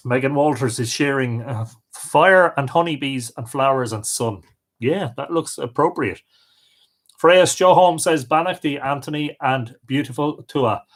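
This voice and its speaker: A man's voice: medium pitch, a bit bright. A middle-aged Irish man hosting a live stream, reading out viewers' comments and greeting each of them by name. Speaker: host.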